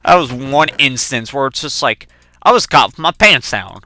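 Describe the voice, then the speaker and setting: A young man rambling through profane, animated personal anecdotes while playing a video game. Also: mid-range voice, normal speed. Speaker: let's play gamer. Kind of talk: casual storytelling while gaming.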